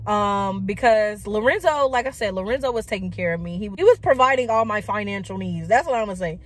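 A woman's voice: mid-range voice, expressive, a little fast. Woman, casual vlog storytelling, chatty, lots of likes. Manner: chatty, many likes and quoted asides. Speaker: vlogger.

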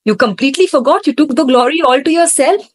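A woman's voice: high voice, quick pace, voice pushed up, lightly acted. A woman voicing a wise rebuking goddess.

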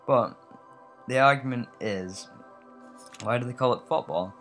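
A man's voice: mid-range voice, unhurried, a bit bright, soft background music. A man with an English accent tinged with American, rambling chattily through a gameplay commentary voiceover with many fillers and tangents. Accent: English, slightly American. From England. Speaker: let's play host.

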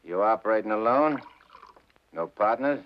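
A middle-aged actor playing a tough gangster back from the dead, talking in slangy, sardonic menace in 1940s film style. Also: male voice, fairly low pitch, expressive, normal speed, lightly acted. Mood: needling. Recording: muffled 1940s film soundtrack with score.

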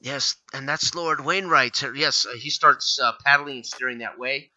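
A man narrating a tabletop game as game master, halting and often restarting his sentences. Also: mid-range voice, bright, forceful tone. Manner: halting, many fillers and restarts.

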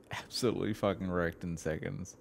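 A young man giving profane, excitable let's play commentary, laughing and mocking as he plays. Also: low voice, normal speed, creaky. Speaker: gaming video host.

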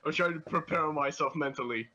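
A man at a tabletop game jokes around in a casual way. His voice sits a bit high and sounds bright. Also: fairly quick, slight background noise, poor audio. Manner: joking, casual. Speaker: player.

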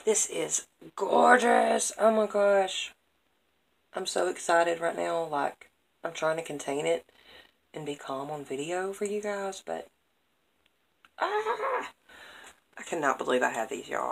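A woman with a deep, creaky voice is heard on a rough recording. As a craft vlogger opening happy mail, she talks casually to camera, gushing over every piece in an excitable way and repeating her praise words.

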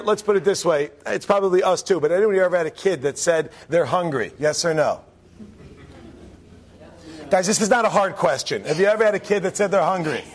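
A man, a rabbi, telling a story to a class in a lively way, acting out the quotes and asking the audience questions. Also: sits high. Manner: animated, acts out quotes, asks the audience questions.

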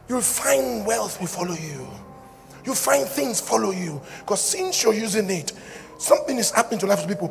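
Brief: middle-aged man, jokey preacher, bright forceful tone, reverberant church hall. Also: high voice, gravelly. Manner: animated, jokey, shouts and acts out dialogue. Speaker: pastor. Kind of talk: sermon. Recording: hall reverb with faint ambience.

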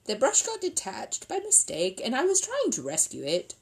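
A woman's voice: high-pitched, very animated, normal speed, a little mellow, pitched above the performer's own voice. A woman voicing a polite, earnest young bear who talks sadly and apologetically. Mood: apologetic. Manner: sad, apologetic.

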